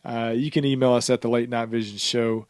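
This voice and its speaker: A man co-hosting a podcast, chatting casually and rambling with frequent fillers and quick laughs. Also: mid-range voice, level tone, a little mellow, clear, resonant tone, no room sound, studio quality. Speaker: podcast co-host.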